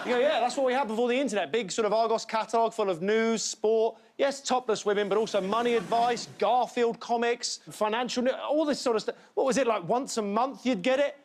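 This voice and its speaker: A man performs a stand-up routine on a television studio stage, sounding incredulous and acting out imagined exchanges. His voice sits high for a man. A faint noise hangs behind him. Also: moderate pace. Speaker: comedian.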